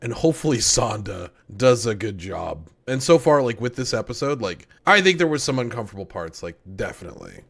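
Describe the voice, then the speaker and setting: A man's voice: medium pitch, big pitch swings, a little fast, vocal fry, few pauses, a bit bright. A man co-hosting a podcast, chatting about an anime in a rambling, dry and joking way. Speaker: podcast co-host. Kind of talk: casual anime review chat.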